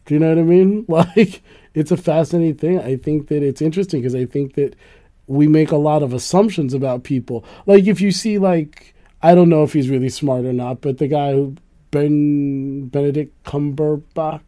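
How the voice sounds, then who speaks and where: A man chatting casually on a podcast, rambling through his thoughts with frequent laughs. His voice sits a little high but sounds very dark and mellow. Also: moderate pace. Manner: rambling, animated, laughs often, swears. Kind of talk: casual chat.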